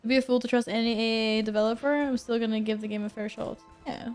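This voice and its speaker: A chatty woman streams a game, talking casually with viewers, answering their messages and laughing often. Her voice is a bit high, steady and a little mellow, moving at a quick pace over faint game music.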